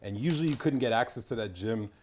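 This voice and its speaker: A man's voice: medium pitch, quick pace, a little hiss or hum. A Canadian-raised man chatting on a podcast, telling a long rambling story with many restarts and asides. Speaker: podcast guest. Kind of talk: casual podcast chat.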